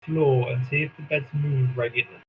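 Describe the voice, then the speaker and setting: A man's voice: mid-range voice, fairly even intonation, fast talker, phone-quality sound, slight background noise. A man playing a tabletop role-playing game, talking casually and restarting his sentences as he thinks.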